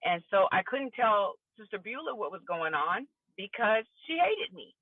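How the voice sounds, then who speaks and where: A woman joins a podcast as a guest and earnestly tells her personal story, acting out the lines the people in it spoke. Her voice comes through a tinny phone line, dry and close with no room sound. Her pitch sits in a middle range. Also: sing-song, normal speed, no echo. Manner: earnest, retelling scenes with quoted dialogue. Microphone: phone call.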